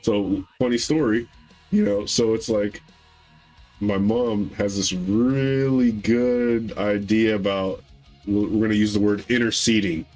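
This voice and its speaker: A man in his thirties telling a long family story in casual podcast chat, rambling with fillers and acting out quotes in a higher voice. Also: slow pace, darkish tone, soft background music, rough recording. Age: 30s. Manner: rambling, acts out quotes with raised pitch. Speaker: podcast co-host.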